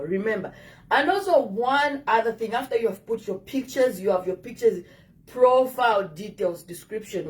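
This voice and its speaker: A woman's voice: on the high side, darkish tone, distant mic. A woman with an African English accent giving direct, coaxing dating advice to her viewers in a casual monologue.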